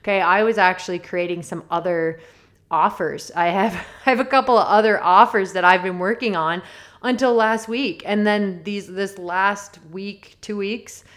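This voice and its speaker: A woman's voice: mid-range voice, moderate pace, a bit bright. A woman hosting a casual solo podcast, chatty and upbeat, laughing often and wandering off on tangents. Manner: chatty and self-deprecating, laughs often and digresses; enthusiastic and upbeat. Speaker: podcast host.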